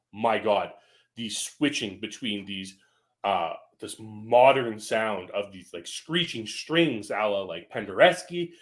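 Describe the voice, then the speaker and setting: A man's voice: fairly low pitch, fairly bright tone. A man co-hosting a casual film podcast, gushing with enthusiasm and leaning on fillers like "like.". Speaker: podcast co-host. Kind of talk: casual chat.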